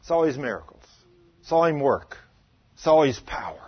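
A husky man preaching to his congregation, his voice rising and dropping as he tells the story. He questions the listeners directly and acts out the quotes. The recording is dull and lo-fi. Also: fairly high pitch, big pitch swings, a little slow. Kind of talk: sermon. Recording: dull lo-fi sound.

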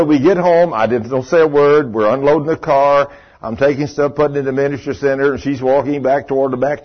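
Folksy older pastor, husky voice. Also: male voice, a little high. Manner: folksy, chatty, chuckles often, talks to the congregation. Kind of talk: storytelling sermon. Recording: muffled lo-fi sermon recording.

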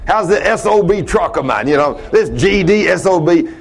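A man voicing a foul-mouthed older man who greets people loudly and curses freely, as a preacher quotes him. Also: high voice, lively intonation, normal speed, gravelly, pitched above the performer's own voice. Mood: boisterous. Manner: cussing, boisterous greeting. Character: foul-mouthed old man, gruff and hearty.

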